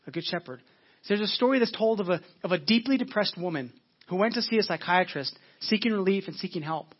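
A man preaching a sermon as pastor, earnest, repeating phrases for emphasis and slowing down when reading scripture. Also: high voice, husky, lo-fi sound.

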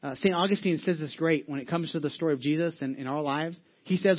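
A man's voice: on the high side, fast talker, few pauses, highs cut off. A male pastor giving a sermon in an earnest, conversational way, often restarting his sentences. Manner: earnest, conversational preaching with frequent restarts and fillers.

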